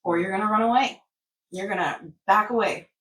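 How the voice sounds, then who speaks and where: A woman's voice: medium pitch, a little fast, a bit bright, far from the mic. A woman in casual wellness chat who rambles and acts out everyday scenarios. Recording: echoey room, off-mic.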